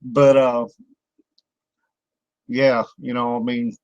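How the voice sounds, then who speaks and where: An older man with a drawl hosts a casual radio talk, wandering from point to point with fillers and frequent chuckles. His voice sits at an ordinary middle pitch. The sound is dry and close, with no room around it. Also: little pitch movement, very slow, a little mellow, no room sound, highs cut off. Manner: folksy, rambling, laughs often, many fillers. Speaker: radio show host.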